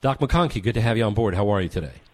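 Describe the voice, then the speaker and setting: A man's voice: on the low side, lively intonation, rapid-fire, darkish tone, no room sound. A man hosting a talk radio show, delivering opinionated commentary with emphatic, rhetorical repetition.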